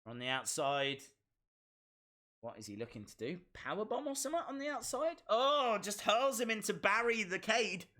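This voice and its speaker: A man hosting a live stream, reacting to a wrestling show in excitable, chatty, self-mocking commentary. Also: sits high, normal speed.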